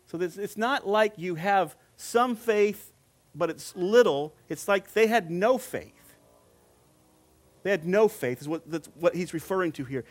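A middle-aged man preaching a sermon, repeating phrases for emphasis and slowing down to stress scripture quotes. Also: high-pitched, animated.

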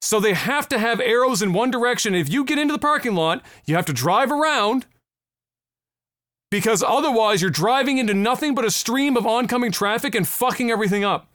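A man, co-hosting a casual podcast and ranting profanely, getting loud when worked up. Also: very high-pitched, lively intonation, brisk, no echo, clean studio sound. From Nova Scotia, Canada. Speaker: podcast co-host.

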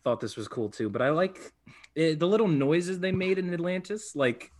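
A man co-hosting a podcast in casual chat, talking in animated bursts and often restarting his sentences. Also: fairly high pitch, moderate pace. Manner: animated, restarts sentences, puts on quoted voices. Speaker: podcast co-host.

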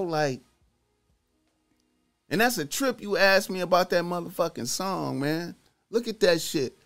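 A man streaming to his chat, rambling through a profane, slangy story that drops to low mumbles and jumps to loud outbursts. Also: measured pace, pauses often, faint music behind. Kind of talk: casual rambling monologue.

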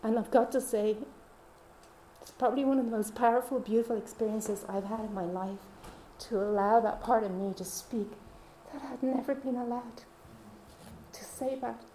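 A woman's voice: on the high side, moderate pace, warm tone, slight background noise. Heartfelt woman sharing her faith testimony. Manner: heartfelt, confiding storytelling. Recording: roomy echo.

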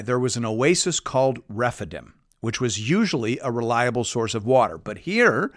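A man preaching, reading a Bible passage aloud and stopping to explain it in a measured, teaching way. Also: medium pitch, fairly bright tone, dry recording, clean studio sound. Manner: measured, explanatory, reads scripture aloud with emphasis.

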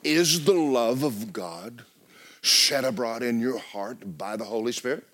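Animated preacher man. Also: medium pitch, a little slow. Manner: animated preaching, swinging from loud exclamations to hushed near-whispers. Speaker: pastor. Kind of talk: sermon.

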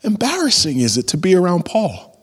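A man preaching a sermon, a pastor who moves between loud emphasis and hushed whispers and acts out everyday prayers in a conversational voice. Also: high voice, huge pitch swings, fairly quick, husky. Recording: long hall reverb.

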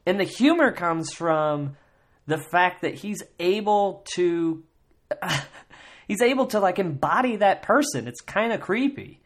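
A podcast host talks alone about comedy in a casual, rambling way, with many fillers and restarts, and sometimes slips into loud mocking voices to quote others. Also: medium pitch, expressive, a little slow. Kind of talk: solo comedy podcast commentary.

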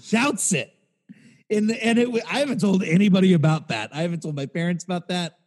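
A man's voice: high voice, brisk, a little mellow, big-room sound. A man co-hosting a podcast, telling a rambling, profane story in casual chat. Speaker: podcast co-host.

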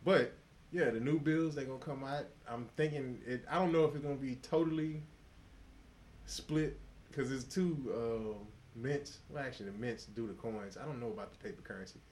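A man's voice: medium pitch, moderate pace, a little mellow, a little hiss or hum. A man co-hosting a podcast in casual chat, trading profane jokes and breaking into laughter. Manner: profane, joking banter with bursts of laughter. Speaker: podcast co-host.

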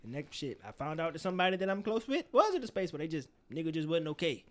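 A man's voice: on the high side, big pitch swings, fast talker. A young man co-hosting a casual podcast, talking through friendship advice candidly and animatedly, swearing freely and acting out quoted lines. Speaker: podcast co-host.

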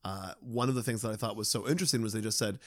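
A man's voice: on the low side, very fast. A man hosting a podcast, talking in a reflective, conversational way. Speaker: podcast host. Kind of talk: casual interview chat.

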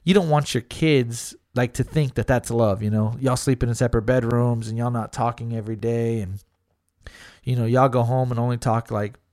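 A man's voice: medium pitch, a little mellow, no room sound, clean studio sound. Profane, chatty man telling a story. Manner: loose and profane, lots of fillers, quotes friends and family. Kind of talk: casual storytelling chat.

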